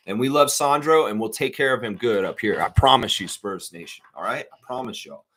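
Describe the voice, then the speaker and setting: A man hosting a live sports fan stream, chatting casually, rambling and reading viewer comments aloud. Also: fairly quick. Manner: gets loud and high-pitched when worked up. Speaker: sports fan livestream host. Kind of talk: casual live chat reacting to news.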